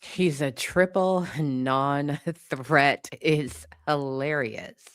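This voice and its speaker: A woman's voice: sits low, very slow, dry recording, clean studio sound. A woman commentator in a casual opinion rant, blunt and profane, hammering her points by repeating them. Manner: emphatic, repeats points for force.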